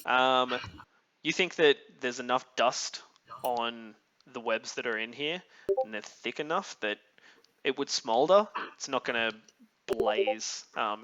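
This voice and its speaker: A man running a tabletop game as game master, his voice fairly low but bright and forward. He describes the scene haltingly, stopping often to think. The audio is dull and lo-fi, like voice chat.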